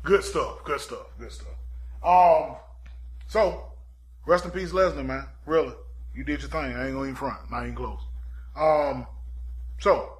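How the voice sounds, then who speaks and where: A man's voice: fairly high pitch, moderate pace, long pauses. A man hosting a casual podcast chat, laid-back and joking. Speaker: podcast host.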